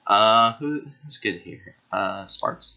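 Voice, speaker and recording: A man's voice: low voice, lively intonation, unhurried, sharp tone. A man giving rambling, easily amused gaming commentary as a YouTuber, recorded on a computer microphone. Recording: dull lo-fi screen recording.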